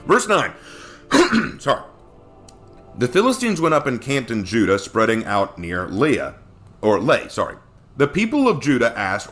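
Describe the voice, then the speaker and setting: A man teaching a casual Bible study, expressive and acting out quoted lines in character voices. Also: medium pitch, a little slow, long pauses, faint music behind.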